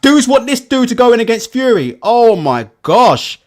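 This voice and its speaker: A man hosting a reaction video, giving animated, mock-emotional commentary and laughing a lot. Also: very high-pitched, normal speed.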